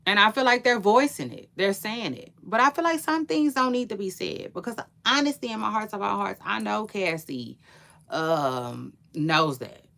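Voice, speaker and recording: A woman talks through celebrity gossip in a relaxed, conversational way. Her voice is bright and sharp, and her delivery is slangy and full of tangents and asides. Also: mid-range voice, normal speed, creaky. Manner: chatty, slangy, rambling with frequent asides. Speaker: celebrity news commentator. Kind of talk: casual celebrity gossip commentary.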